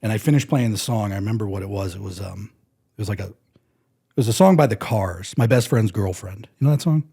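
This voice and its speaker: A man, a guest musician, telling casual stories in an animated way and acting out other people's lines. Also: on the low side, brisk, vocal fry, slightly rough. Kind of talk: casual storytelling.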